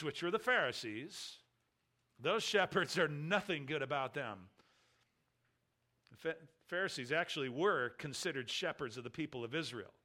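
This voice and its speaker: A man preaching a Bible sermon, teaching verse by verse in an emphatic, teacherly way. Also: pushed and bright. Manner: emphatic, teacherly, rises to stress points then drops low. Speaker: pastor. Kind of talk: expository sermon.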